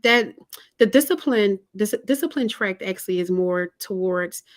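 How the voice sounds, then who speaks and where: A woman guest in a casual conversation, speaking thoughtfully and pausing to search for her words. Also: mid-range voice, lively intonation.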